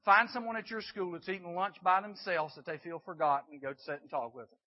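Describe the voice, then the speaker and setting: A man's voice: high-pitched, fast talker. A man preaching a sermon to a youth group, telling a Bible story and acting out the characters in dialogue. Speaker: youth speaker. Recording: dull lo-fi recording.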